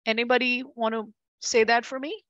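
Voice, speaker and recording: A woman teaching a class, chatty and lively, calling on students by name and laughing easily. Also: on the high side, normal speed, dry recording, muffled recording. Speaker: Ayurveda teacher. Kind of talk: classroom lecture with questions to students.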